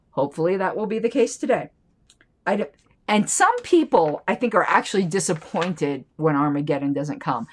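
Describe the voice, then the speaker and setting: A woman hosting a political commentary channel, reading an old newsletter aloud and breaking off into chatty, playful side remarks. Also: fairly low pitch.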